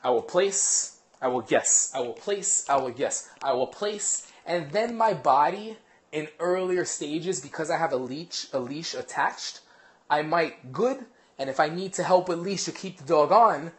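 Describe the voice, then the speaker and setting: Rambling dog trainer explaining casually. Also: male voice, fairly high pitch, animated, measured pace. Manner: rambling, many fillers and restarts. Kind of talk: casual instructional talk. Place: apartment.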